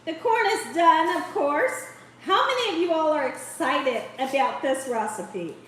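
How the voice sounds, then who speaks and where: A woman's voice: high-pitched, animated, measured pace, fairly bright tone. A middle-aged woman hosting a casual live cooking show from her home kitchen, chatty and playful, often laughing as she talks. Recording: very echoey room with faint background hiss.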